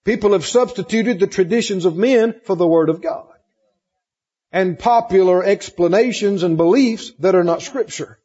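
A man's voice: high voice, moderate pace, mellow, slightly rough. A man preaching a sermon with emphatic, repetitive phrasing, asking the congregation questions. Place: church hall with congregation. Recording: muffled recording in a hall with long reverb.

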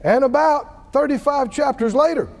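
A man preaching a sermon, telling the story with lively swings in his voice and acting out the people in it. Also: extremely high pitch, normal speed. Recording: reverberant hall.

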